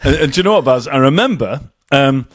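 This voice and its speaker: A man's voice: medium pitch, animated, fairly quick, no room sound, clean studio sound. A man co-hosting a casual podcast, telling rambling stories over drinks. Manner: rambling storyteller, many fillers and restarts. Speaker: podcast co-host.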